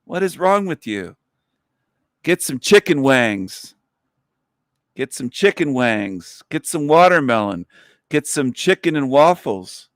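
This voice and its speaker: A man's voice: mid-range voice, big pitch swings, slow pace, long pauses, dry recording, clean studio sound. A man hosting a livestream, talking in a mocking, rambling, crude way. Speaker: livestream host. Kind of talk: casual livestream monologue.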